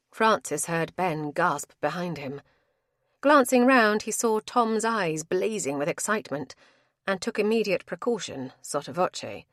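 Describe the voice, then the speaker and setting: A woman narrating an audiobook in a measured storytelling manner. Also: lowish voice, lively intonation, fairly bright tone, dry recording, studio quality. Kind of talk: scripted narration.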